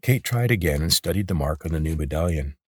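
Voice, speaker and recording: A man narrating a fantasy audiobook in a steady, measured storytelling manner. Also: extremely low pitch, no room sound, clean studio sound.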